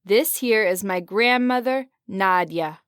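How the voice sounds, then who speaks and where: A woman's voice: medium pitch, slow pace, clean tone, no echo, studio quality, pitched above the performer's own voice, natural voice. A woman voicing a friendly young man, a Romani security guard, with an Italian accent, in an audiobook. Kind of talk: audiobook character reading.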